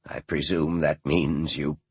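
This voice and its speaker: A man narrating an audiobook, voicing an older male scholar who speaks softly and sounds strained and guarded. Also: extremely low pitch, flat delivery, slow, husky, dry recording, full character voice. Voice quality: soft-spoken, tense.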